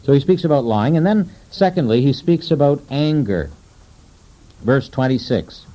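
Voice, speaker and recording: A man preaching a sermon in a conversational way, asking his listeners questions and slowing down to quote scripture. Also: medium pitch, lively intonation, dark tone, rough recording. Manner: conversational, asks the audience questions.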